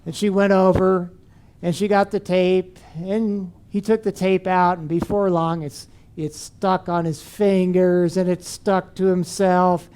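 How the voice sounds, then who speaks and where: Mellow-voiced man telling a teaching story. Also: sits high, a little slow, clear, resonant tone. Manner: animated storyteller who asks the audience questions. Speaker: speaker on teaching and parenting. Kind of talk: storytelling talk to an audience.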